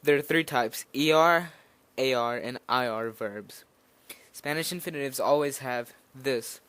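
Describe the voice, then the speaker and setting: A young man talks through a beginner's lesson in a loose, slightly nervous way, stopping and restarting his sentences. His voice is smooth and clear, recorded close up with a dry, roomless sound. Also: mid-range voice, unhurried, fairly bright tone, dry recording. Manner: nervous, rambling, hesitant with fillers and restarts. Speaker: language teacher. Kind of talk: informal spoken lesson.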